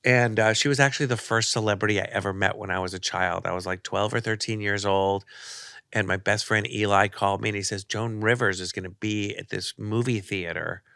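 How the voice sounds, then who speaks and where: Gravelly-voiced man telling animated stories. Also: on the low side, a little fast, no echo, studio quality. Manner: animated storyteller, acts out quoted voices. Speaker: podcast guest, artist and author. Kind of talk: casual storytelling.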